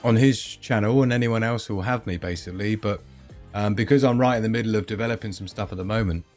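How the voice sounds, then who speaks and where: A man's voice: lowish voice, fast, darkish tone, soft background music. A man hosting a casual live stream, rambling and giggly with lots of fillers.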